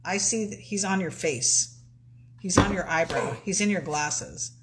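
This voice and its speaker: A woman's voice: mid-range voice, a little slow, very noisy. A woman co-hosting a casual live stream, reading viewer comments aloud and laughing often.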